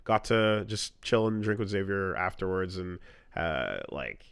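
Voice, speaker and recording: A man's voice: low-pitched, lively intonation, measured pace, gravelly, a bit bright, clear, resonant tone, no echo. A Canadian man in his thirties co-hosting a podcast in casual chat, rambling with restarts and frequent swearing. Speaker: podcast co-host.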